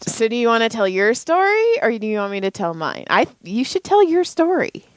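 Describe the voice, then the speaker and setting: Podcast co-host around fifty, woman, high and lively, excitable, dry close sound. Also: brisk, no echo. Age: turning 50. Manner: excitable, laughs, swears, chimes in. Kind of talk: casual chat.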